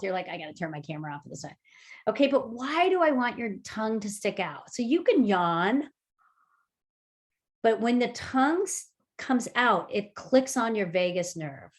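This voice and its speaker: This medium-pitched woman guides a mindfulness workshop by video call. Her breathing and movement instructions come out bubbly and conversational, sprinkled with frequent filler words.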